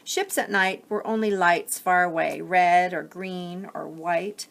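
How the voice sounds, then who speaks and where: Teacher reading aloud: woman, lower voice, very slow, gentle explanations. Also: steady tone, vocal fry. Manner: gentle, pausing to explain the story. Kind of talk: reading a picture book aloud.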